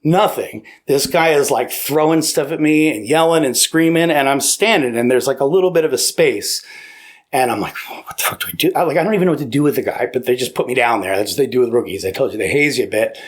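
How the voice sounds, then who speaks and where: A man telling stories casually on a podcast as a guest. He is animated, laughs a lot, acts out quotes and swears freely. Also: mid-range voice, fast. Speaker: podcast guest, former paramedic. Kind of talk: casual storytelling. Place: podcast studio.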